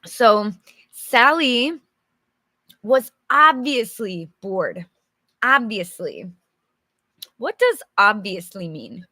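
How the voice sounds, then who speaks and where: A woman's voice: mid-range voice, very animated, drawn-out words, long pauses, pushed and bright, no room sound. A woman teaching English from a storybook, chatty and encouraging, answering viewers by name and acting out examples with sighs and groans; her voice is a little worn. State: slightly losing her voice. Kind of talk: live English storybook lesson.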